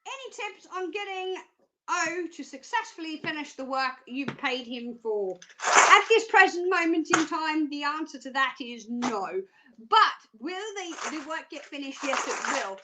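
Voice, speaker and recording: A woman's voice: high voice, lively intonation, normal speed, heavy background noise. An Australian woman presenting live psychic readings on television, chatty and self-mocking with frequent giggles. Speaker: psychic phone-line presenter.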